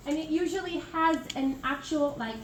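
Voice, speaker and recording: High-voiced woman presenting in an echoey classroom. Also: moderate pace. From Italy. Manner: hesitant, many fillers and restarts. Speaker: international student presenter. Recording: echoey room from far off, noisy.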